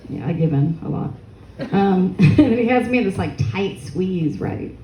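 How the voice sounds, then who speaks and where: A woman's voice: mid-range voice, expressive, measured pace. Crude, rambling young woman comic. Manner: crude, rambling, self-mocking. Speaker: stand-up comedian. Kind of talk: stand-up comedy set. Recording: echoey room with faint noise. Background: audience laughter.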